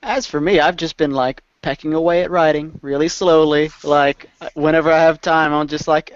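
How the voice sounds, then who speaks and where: A man co-hosting an online chat show, talking in a relaxed, chatty way. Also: a little high, normal speed, no echo. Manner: relaxed, chatty, uses fillers. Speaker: co-host. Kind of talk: casual chat on a live web show. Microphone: video call. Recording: dull, dry lo-fi web call audio.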